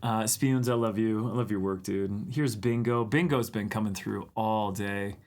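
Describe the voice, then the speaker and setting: A man hosting a livestream, chatting casually and excitedly about viewer drawings, laughing often. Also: fairly low pitch, moderate pace. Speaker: livestream art show host.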